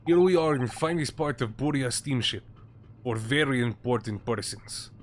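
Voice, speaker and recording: A man voicing a gruff, haughty male ship's guard who speaks broken English. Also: medium pitch, normal speed, natural voice. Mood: curt. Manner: broken English, curt and dismissive. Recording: steady background noise.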